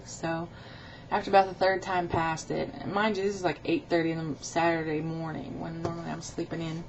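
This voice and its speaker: A woman's voice: low voice, flat delivery, fairly quick, faint music behind. Chatty woman vlogger, lo-fi webcam sound. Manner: rambling, chatty storytelling with quoted dialogue. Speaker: weight-loss vlogger. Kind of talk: casual video diary.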